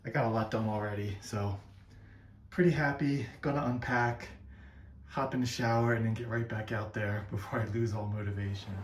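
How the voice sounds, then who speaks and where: A man narrating a casual travel vlog in a relaxed, rambling way while running errands. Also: fairly low pitch, moderate pace. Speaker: thru-hiker vlogger. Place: outdoors in a town. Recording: outdoor street noise.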